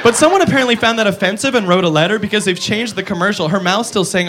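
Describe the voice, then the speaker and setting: A man's voice: high voice, fast talker, few pauses, a bit bright. A man doing a stand-up comedy set, telling crude stories with mocking quotes. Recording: live club, crowd laughter. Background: audience laughing.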